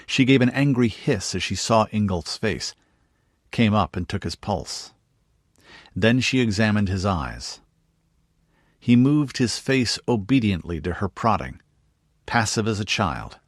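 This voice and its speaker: A man reads a fantasy novel aloud in steady scripted narration. His voice is low and husky. The recording is dry and close. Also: measured pace, long pauses, no echo. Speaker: audiobook narrator.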